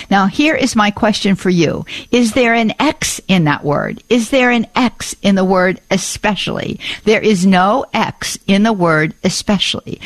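A woman hosting a live call-in radio show, chatty and animated, who spells out words and repeats the phone number slowly. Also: medium pitch, dry recording.

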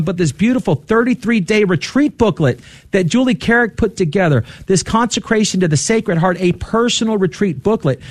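A man co-hosting a radio fundraiser, talking fast and excitedly as he urges listeners to call in. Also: high voice, dry recording. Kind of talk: on-air fundraising appeal.

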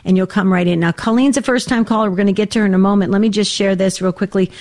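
A woman's voice: medium pitch, fairly even intonation, very fast, a little mellow. A woman co-hosting a call-in radio show in a studio, speaking earnestly with some ums and restarts. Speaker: radio talk show co-host. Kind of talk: casual call-in radio talk. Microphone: studio mic.

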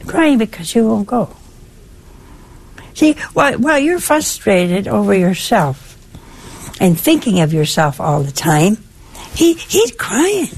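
An older woman preaches in an easy, conversational way. Her voice is husky and a little breathy. It swings up high and drops low as she makes her points. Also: a little slow, pauses often. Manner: lively, conversational, with wide swings in pitch. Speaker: religious speaker. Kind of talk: sermon-style talk.

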